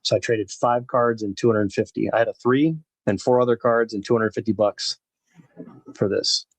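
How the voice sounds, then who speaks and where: Speaking at a moderate pace with a steady tone, a man with a fairly low, gravelly, husky voice chats casually on a live baseball card break, greeting viewers by name while opening packs. No echo is present, and the audio is poor.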